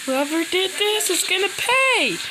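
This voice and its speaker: A woman's voice: very high voice, big pitch swings, unhurried, very noisy, voice pushed up, full character voice. A woman voicing an angry, grieving young male ninja in a homemade fan story. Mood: enraged. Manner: shouting in rage.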